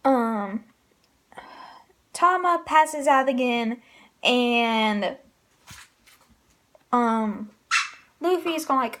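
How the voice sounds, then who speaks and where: A woman casually recapping comic chapters, pausing often with fillers. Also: on the high side, lively intonation, a bit bright. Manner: hesitant, frequent filler pauses. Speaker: manga reviewer.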